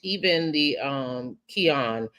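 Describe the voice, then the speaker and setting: A woman who is a sports beat writer, talking casually on a podcast and often pausing with ums and restarts as she works through her thoughts. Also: a bass voice, lively intonation, a bit bright.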